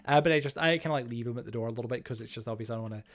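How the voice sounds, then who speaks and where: A man's voice: medium pitch, racing. A young man streaming a building game, chatting casually with his viewers and stumbling over his words with lots of fillers. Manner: chatty, reads chat aloud, many fillers and restarts. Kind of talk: live-stream chat while playing.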